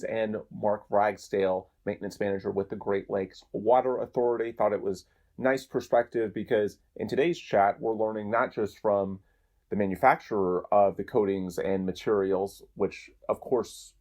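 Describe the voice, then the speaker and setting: A man's voice: on the low side, normal speed, darkish tone. A man hosting a podcast, wrapping up in a conversational, rambling way. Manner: conversational, rambling, restarts mid-phrase. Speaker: podcast host. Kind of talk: podcast outro, casual talk.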